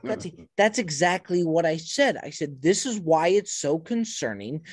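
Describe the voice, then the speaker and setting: A man's voice: a little high, lively intonation, normal speed, slight background noise. A man hosting a podcast in casual banter, emphatic and repeating himself as he talks over his co-hosts. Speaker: podcast host.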